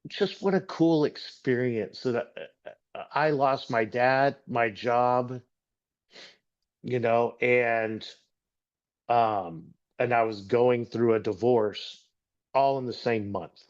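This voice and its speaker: A middle-aged man from Texas tells his personal testimony in an earnest, halting way, sometimes repeating a word while he finds the next thought. His voice sits at a mid-range pitch. The recording is dull and lo-fi. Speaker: guest speaker.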